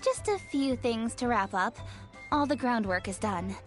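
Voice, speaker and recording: Calm gracious leader. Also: female voice, on the high side, faint music behind. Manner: measured, gracious. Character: calm composed woman leader. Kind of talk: game dialogue.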